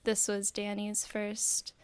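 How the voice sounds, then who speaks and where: A woman's voice: mid-range voice, slow pace, clean tone. A woman who is a guest on a podcast, telling a story in casual chat. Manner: storytelling, animated.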